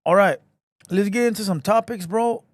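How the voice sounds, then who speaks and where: A man hosting a casual livestream podcast, talking in profane, slangy street talk full of shout-outs. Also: high voice, normal speed, no room sound, clean studio sound. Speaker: podcast host.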